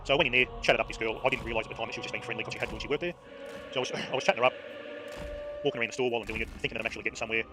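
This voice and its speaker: A man's voice: medium pitch, steady tone, very fast. An Australian man telling a casual story while streaming a game. He rambles, swears freely and leans on fillers. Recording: game music playing underneath. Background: game music.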